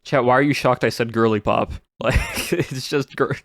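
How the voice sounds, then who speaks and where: A man's voice: mid-range voice, steady tone, normal speed, creaky, no echo. A man streaming, chatting casually to his viewers in a rambling way with lots of "like" and restarts. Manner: rambling, full of "like" and restarts, laughs often.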